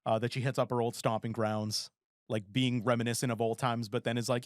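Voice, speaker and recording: A man in his forties co-hosts a podcast, chatting casually and rambling through animated stories with acted-out quotes. He has a mid-range voice and talks fairly quickly. The audio is studio quality with no echo.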